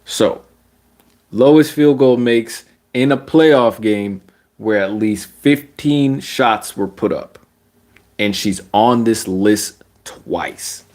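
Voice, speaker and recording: A young man giving casual, slangy basketball commentary. He rants, laughs often and mocks other people with sudden high-pitched voices. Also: slow. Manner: animated, laughing, slangy, mocking voices with big pitch jumps.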